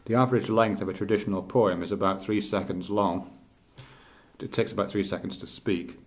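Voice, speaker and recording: A middle-aged male teacher thinking aloud in a halting, reflective way, with many restarts. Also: on the low side, fairly even intonation. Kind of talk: unscripted spoken reflection.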